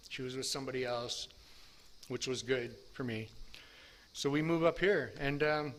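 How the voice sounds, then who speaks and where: A man's voice: mid-range voice, normal speed. Candid man rambling through a recovery story. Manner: rambling, candid, self-deprecating with restarts. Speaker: speaker sharing his recovery story. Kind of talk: personal testimony.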